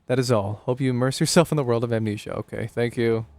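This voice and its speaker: A man's voice: mid-range voice, fairly even intonation, fast, a little mellow, no room sound. A young man casually commenting on a horror game as he streams it live, joking and thinking aloud. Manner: chatty, jokey, thinking aloud.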